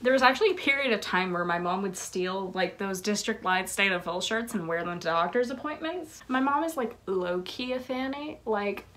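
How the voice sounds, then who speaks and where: In a casual show-and-tell vlog, a young woman rambles in her bedroom about her fan merchandise, giggling and saying "like" constantly. Her voice is medium-pitched and fairly bright, with lively intonation, normal speed and few pauses.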